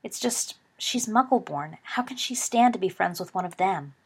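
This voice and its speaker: A woman's voice: medium pitch, animated, moderate pace, slightly rough. A woman voicing a cocky teenage schoolboy wizard who snarls scornful remarks, in an audiobook story.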